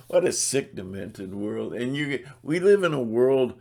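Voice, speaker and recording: Gravelly, blunt ranting man. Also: mid-range voice, very animated, unhurried, hardly any pauses, mellow. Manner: blunt, sarcastic, mocking voices; rambling with restarts. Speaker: channel host. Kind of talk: ranting monologue.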